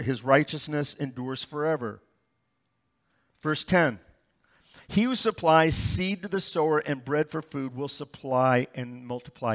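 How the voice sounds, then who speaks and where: Male pastor, sermon, reads scripture then explains, fairly high voice.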